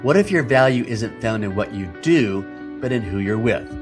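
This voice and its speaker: A man's voice: on the low side, lively intonation, moderate pace, music in the background. A man in his fifties hosting a devotional podcast, teaching in an earnest, emphatic way and putting rhetorical questions to the listener. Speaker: podcast host.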